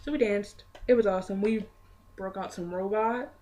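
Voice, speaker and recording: Chatty young woman, mid-pitched voice. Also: fairly even intonation, normal speed, dark tone. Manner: rambling, chatty, trails off. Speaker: vlogger. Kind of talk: casual chat.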